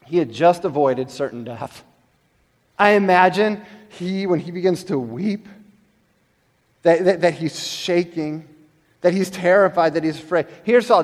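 A middle-aged man preaching a sermon, telling stories with animated emphasis that drops to quiet, slowed lines. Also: a little high, big-room sound. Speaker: pastor.

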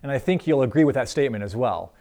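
Man, church group leader, earnest, conversational, halting with ums, mid-pitched voice. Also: expressive, mellow. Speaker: church teacher leading a group discussion. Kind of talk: informal church talk and closing prayer.

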